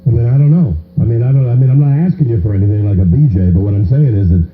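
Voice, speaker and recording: A man's voice: medium pitch, rapid-fire, a little hiss or hum. A middle-aged man hosting a talk radio show, chatting and joking with callers in a rambling, self-interrupting way. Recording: tinny phone-like radio broadcast in an echoey studio.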